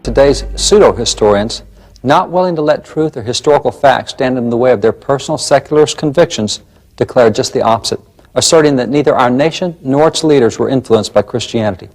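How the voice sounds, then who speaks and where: A man's voice: medium pitch, a little fast, darkish tone, faint music behind. A man presenting a documentary lecture, emphatic and fond of rhetorical questions.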